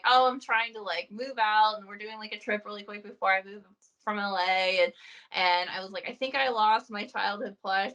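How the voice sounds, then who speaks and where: A woman's voice: mid-range voice, sharp tone, low-quality recording. A young woman hosting a casual chat, telling stories with quoted asides and easy laughs. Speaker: host.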